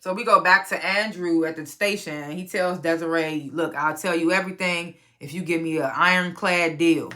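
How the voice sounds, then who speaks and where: A woman casually recapping a TV episode, profane and animated, often laughing and acting out the characters' lines. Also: on the low side, normal speed, hardly any pauses. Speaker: TV recap reviewer.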